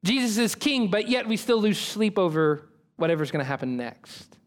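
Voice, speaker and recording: A man's voice: high-pitched, sing-song, moderate pace. A man preaching a sermon as pastor, earnest and emphatic, building on repeated phrases.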